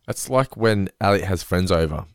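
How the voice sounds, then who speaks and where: A man co-hosting a podcast in casual chat. He acts out quotes loudly, animated and swearing a lot. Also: low-pitched, moderate pace, clear, resonant tone, no room sound, studio quality. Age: adult, parent of a young child. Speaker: podcast co-host.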